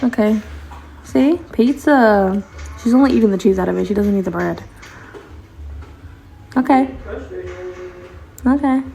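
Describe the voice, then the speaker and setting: A woman's voice: fairly high pitch, a little slow, gravelly, pauses often, dark tone, soft background music. A young woman telling casual storytime stories about her little sister, acting out the lines in her story as she goes.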